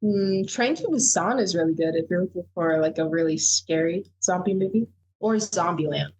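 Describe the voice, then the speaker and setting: A woman's voice: on the low side, normal speed, a little mellow, breathy edge, rough recording. A woman guest on a movie podcast giving blunt, wry opinions in casual chat.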